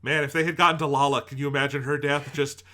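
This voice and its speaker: Brief: male podcast co-host, bright tense tone, rambling amused casual chat. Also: a little high, level tone, fast talker. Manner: rambling, amused, filler-heavy.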